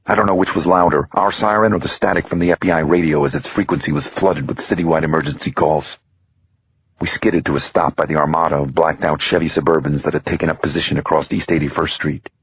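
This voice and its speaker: Man, audiobook thriller narrator, raspy and low, dull lo-fi recording. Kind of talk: first-person thriller narration.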